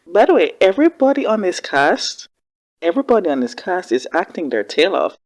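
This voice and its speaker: A woman giving casual reaction commentary on a TV drama, expressive and slangy, talking back at the screen. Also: lowish voice, moderate pace, faint music behind. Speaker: reaction video host.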